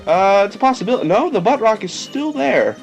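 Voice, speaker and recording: A goofy young man joking his way through a game with a high, bouncy voice that swings all over. Faint game music plays underneath. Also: big pitch swings, brisk, gravelly. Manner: goofy, joking, playfully sarcastic. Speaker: let's play host. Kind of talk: casual game commentary.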